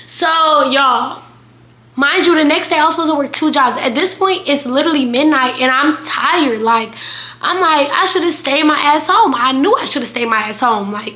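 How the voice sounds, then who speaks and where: Young woman vlogging a crazy storytime, bright sharp voice, roomy echo. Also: sits high. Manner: animated, dramatic storytelling with quoted voices. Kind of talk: storytime vlog.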